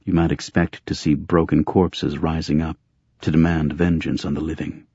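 Man, audiobook narration, very low voice, husky, dry close sound, dull muffled audio. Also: level tone, normal speed, warm tone, dry recording. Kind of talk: scripted first-person audiobook narration.

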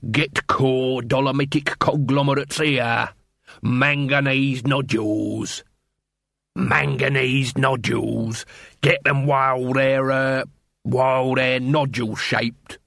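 A man voicing a shifty middle-aged street food hawker with drawn-out, wheedling sales patter. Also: mid-range voice, flat delivery, gravelly, a bit bright, no echo, studio quality.

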